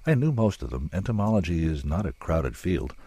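A man narrating a story in a measured, dramatic way, with drawn-out pauses. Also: low-pitched, very animated, dark tone, husky, no echo.

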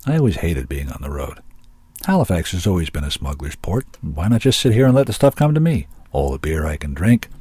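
Guy doing a smug cheerful barkeep, precise, deep low voice, dry room. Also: very animated, fairly quick, mellow, husky, no room sound, heavily acted. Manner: precise, complacent. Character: stocky middle-aged male barkeep, smug and cheerful.

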